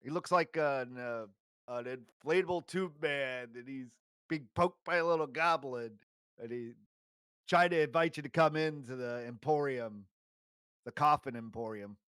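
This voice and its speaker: A man's voice: medium pitch, normal speed, a bit bright, smooth, no room sound. A man narrating as game master in a tabletop game, with rambling narration broken up by hesitations.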